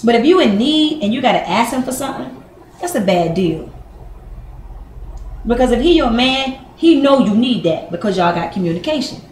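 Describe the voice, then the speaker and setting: Blunt, animated woman giving relationship advice. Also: a little high, normal speed, slight background noise. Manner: animated, blunt, swears freely, acts out both sides of conversations. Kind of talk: casual advice talk. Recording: echoey room with faint ambience.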